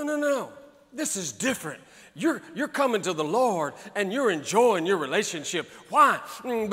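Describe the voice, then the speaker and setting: A man preaches with high-pitched, bright energy, swinging between folksy asides and full-throated shouts. His voice rings out through a large church hall with a long, lingering reverb. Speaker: pastor. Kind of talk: preaching a sermon.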